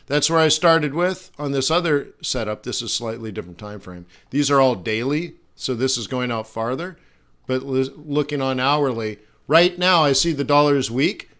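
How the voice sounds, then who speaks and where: A man's voice: medium pitch, lively intonation, moderate pace, fairly bright tone. A middle-aged man hosting a live trading stream, talking casually with rambling asides and restarts. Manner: rambling, chatty, many fillers and restarts. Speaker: forex trading stream host.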